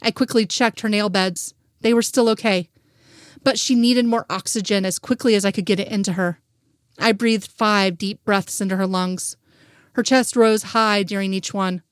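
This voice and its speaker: A woman's voice: mid-range voice, fairly even intonation, normal speed, dry recording, studio quality. A woman reading a fanfic aloud in first-person narration, with an earnest, emotional delivery.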